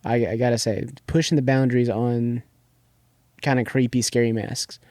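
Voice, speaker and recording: A man's voice: medium pitch, steady tone, moderate pace, darkish tone, no room sound, clean studio sound. A young man co-hosting a podcast, casually recapping a TV episode in a rambling way, restarting often and leaning on filler words. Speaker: podcast co-host.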